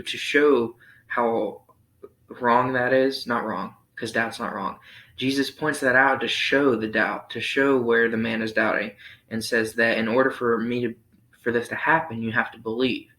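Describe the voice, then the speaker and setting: A young man reading scripture aloud and explaining it in a relaxed youth Sunday school lesson, thinking aloud with frequent ums. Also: mid-range voice, a little slow. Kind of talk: Bible reading and casual lesson. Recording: roomy echo.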